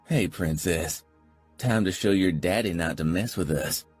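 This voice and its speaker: A man voicing a furious older male biker club president who snarls and barks orders in a husky voice. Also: low-pitched, unhurried, faint music behind, voice pushed up. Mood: commanding. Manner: snarling, barking orders, profane.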